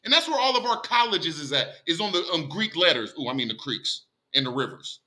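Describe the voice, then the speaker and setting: A man with a high, very bright voice talks loudly over a group call. He is emphatic, swears freely and hammers points by repeating them. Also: sing-song, a little fast, low-quality recording. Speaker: call participant, self-described language guru. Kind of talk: casual online group call discussion. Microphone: computer headset or call mic.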